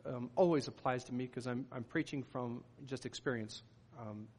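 A man's voice: mid-range voice, moderate pace, darkish tone, big-room sound, a little hiss or hum. A middle-aged man, a pastor, preaching a sermon in an earnest, conversational way, with rising emphatic bursts.

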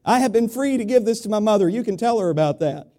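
High-voiced man preaching a sermon. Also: expressive, quick pace. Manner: rises and builds in volume, then drops to a quiet confiding tone; conversational preaching with rhetorical questions to the congregation. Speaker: pastor.

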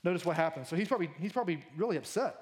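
High-voiced animated male preacher. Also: very fast. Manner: animated, jokey, acts out quoted lines. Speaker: pastor. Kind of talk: sermon.

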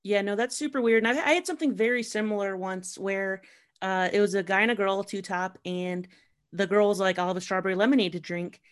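A woman hosting a podcast and chatting casually, agreeable and talkative, trailing off softly at the ends of her thoughts. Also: mid-range voice, a little fast. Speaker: podcast host, former server.

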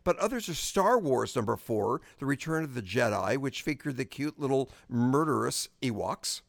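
A man's voice: medium pitch, expressive, moderate pace, vocal fry, no room sound, studio quality. A man co-hosting a podcast in casual chat, joking and rambling as he reads a listener's email. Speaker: podcast co-host.

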